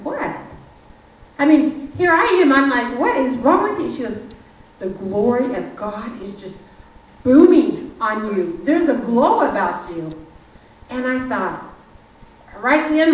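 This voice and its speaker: A woman giving a lively, emphatic sermon testimony, telling a personal story in a church. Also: a little high. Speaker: speaker. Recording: far-off echoey church hall, muffled.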